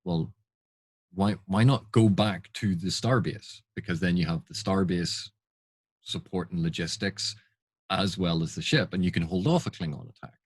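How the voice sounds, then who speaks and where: A man's voice: low voice, steady tone, normal speed, slightly rough, no room sound. A man giving unscripted reaction commentary, exasperated and full of rhetorical questions. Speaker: film and TV critic.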